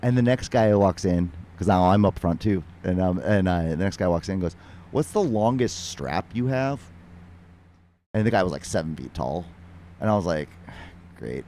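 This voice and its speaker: Podcast host guy, really deep voice, rambles, lots of uh and um, faint noise in the background. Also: brisk, mellow. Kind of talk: casual conversation.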